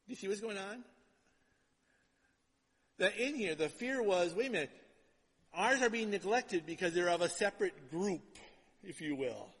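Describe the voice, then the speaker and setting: A man's voice: high voice, a bit bright, long reverb tail. A male pastor preaching a conversational sermon, who often checks in with his listeners by asking "right?".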